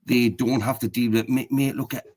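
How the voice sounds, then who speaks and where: A man's voice: mid-range voice, fairly even intonation, moderate pace, darkish tone. A middle-aged man, rambling in casual chat and tagging most phrases with "right, okay?".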